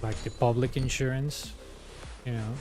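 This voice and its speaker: A man's voice: medium pitch, level tone, normal speed, noisy background. A man whose first language is Spanish, chatting casually and rambling through stories with many restarts while streaming a game. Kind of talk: casual chat while gaming.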